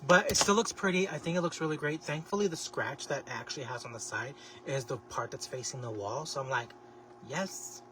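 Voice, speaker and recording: A man hosting a casual craft livestream, chatting to viewers in a sassy, expressive way with lots of exclamations. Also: mid-range voice, fairly quick, recorded from a distance. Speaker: livestream host making a craft basket. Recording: steady background noise.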